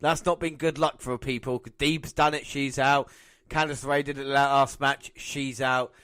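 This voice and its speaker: A man co-hosting a podcast, giving excitable, teasing play-by-play commentary on wrestling and laughing often. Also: medium pitch, moderate pace, clear, resonant tone, dry recording. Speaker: podcast co-host. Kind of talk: casual wrestling watch-along commentary.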